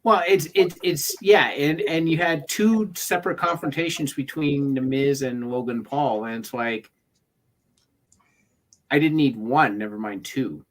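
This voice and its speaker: A man co-hosting a casual chat, blunt and opinionated, with quick asides and stammered restarts. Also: medium pitch. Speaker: co-host.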